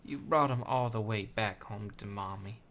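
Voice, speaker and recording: A man voicing a fussy, doting elderly woman who coos and speaks slowly and sweetly. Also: lowish voice, a bit bright, a little hiss or hum. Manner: sweet, fussing, slow and cooing.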